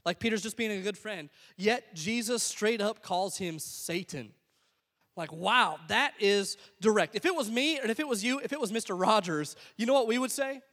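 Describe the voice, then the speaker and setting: A man's voice: high-pitched, expressive, normal speed, a bit bright, big-room sound. A man preaching a sermon as pastor, telling stories in a conversational way and acting out what people said. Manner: conversational storytelling with acted-out quotes.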